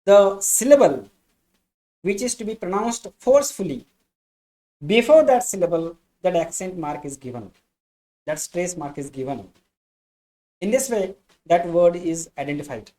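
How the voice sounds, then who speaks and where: A woman giving a lesson, explaining slowly and restating each point. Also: fairly low pitch, lively intonation, dark tone. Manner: addresses listeners as dear friends. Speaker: English teacher. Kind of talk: classroom lecture.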